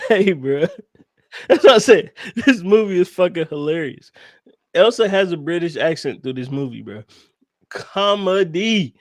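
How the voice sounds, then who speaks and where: A man's voice: high-pitched, animated, unhurried, no room sound, clean studio sound. A man co-hosting a podcast, talking animatedly and profanely about a movie and laughing often. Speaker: podcast co-host. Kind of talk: casual movie review chat.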